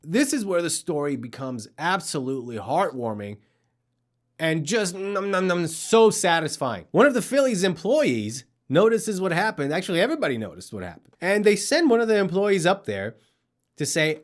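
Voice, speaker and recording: A man's voice: a little high, big pitch swings, normal speed. A man hosting a comedy news show, telling a story with sarcasm and mockery. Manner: sarcastic, mocking, acts out characters.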